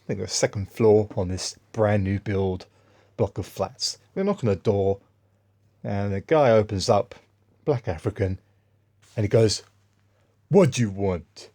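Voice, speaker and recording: Un hombre con acento inglés que cuenta historias en un vlog, de forma dispersa y con tono de agravio. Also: male voice, on the low side, unhurried, a little mellow. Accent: English. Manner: rambling, aggrieved, restarts often. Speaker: vlogger. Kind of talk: casual spoken monologue, storytelling.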